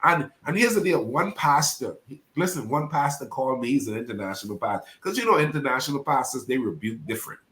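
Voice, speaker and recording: A man who is a pastor, telling a painful personal story as a podcast guest in an animated, preacher-like way. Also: medium pitch, fast talker, reverberant. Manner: animated, preacher-like, acts out quoted voices.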